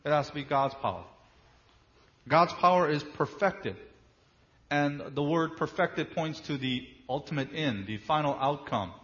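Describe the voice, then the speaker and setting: A man preaching a sermon, emphatic, stretching key words slowly and asking the congregation rhetorical questions. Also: a little high, expressive, a bit bright, lo-fi sound. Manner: emphatic, with slow drawn-out stresses and rhetorical questions.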